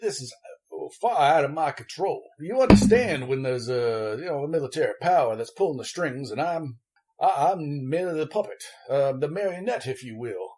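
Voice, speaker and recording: A man playing a wordy, evasive Southern gentleman lawyer, flowery and polite, halting with many restarts. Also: on the high side, expressive, close to an everyday voice. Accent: American Southern. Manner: florid, overly polite.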